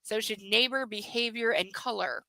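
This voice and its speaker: A woman reads a novel aloud, stopping often for sarcastic asides and casual swearing. Her voice is high and bright. The recording is dry and close. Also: normal speed, vocal fry, dry recording, low-quality recording. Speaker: book reader. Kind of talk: live book reading with sarcastic commentary.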